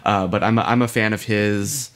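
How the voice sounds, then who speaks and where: A man's voice: fairly low pitch, fairly even intonation, moderate pace, a bit bright. A young man co-hosting a casual podcast, rambling with many fillers and laughing at himself. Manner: rambling, lots of fillers, admits being drunk. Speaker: podcast co-host. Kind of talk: casual chat.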